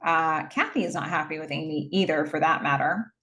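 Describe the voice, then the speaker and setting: A woman's voice: sits low, brisk, bright, forceful tone. Chatty woman recapping a film. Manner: rambling, wry, lots of fillers and restarts. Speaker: movie recap host. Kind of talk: casual movie recap.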